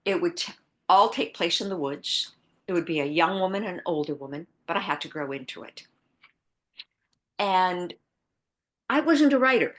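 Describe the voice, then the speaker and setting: A woman author from the American Midwest, telling a personal story in a podcast interview, earnest and reflective, dropping to a hush and then rising with emphasis. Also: on the low side, expressive, moderate pace, pauses often. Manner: earnest, reflective, shifting between hushed and bursting emphasis. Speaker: author guest.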